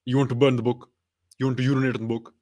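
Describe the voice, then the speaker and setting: A man doing a deep, pompous preacher. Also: little pitch movement, racing, mellow, close to an everyday voice. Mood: mock preachy. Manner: preachy, deep put-on voice, mock-solemn. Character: pompous middle-aged male preacher lecturing a critic. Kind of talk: comic impression.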